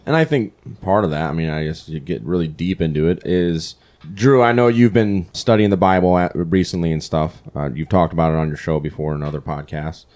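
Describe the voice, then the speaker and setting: A man's voice: sits low, brisk, a little mellow. A man co-hosting a podcast, rambling and thinking aloud in casual chat. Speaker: podcast co-host.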